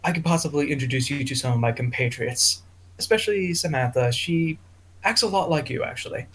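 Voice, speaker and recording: A man's voice: fairly high pitch, fairly quick, fairly bright tone, a little hiss or hum, close to an everyday voice. A man voicing a scheming male vampire ally in a tabletop role-play, talking in a confident, persuasive way.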